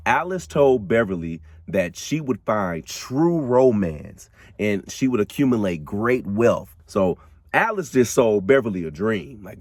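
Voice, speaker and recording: A man's voice: lowish voice, measured pace, no room sound, clean studio sound. A man hosting a podcast, telling a true crime story in a casual, slangy way, laughing and talking straight to his listeners. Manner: animated, slangy, laughs often, addresses listeners directly. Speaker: podcast host.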